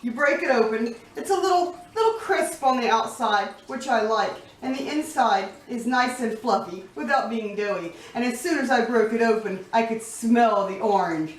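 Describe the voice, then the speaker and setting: A woman's voice: a little high, normal speed, few pauses. A woman chatting casually in a home kitchen cooking vlog, giggling and talking to her pets as she bakes. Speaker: cooking vlogger. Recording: echoey room, somewhat far from mic.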